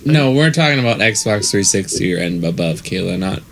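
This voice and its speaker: A man's voice: deep voice, expressive, brisk, a little hiss or hum. A man in casual banter with friends, blunt and swearing freely. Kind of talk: casual banter between players.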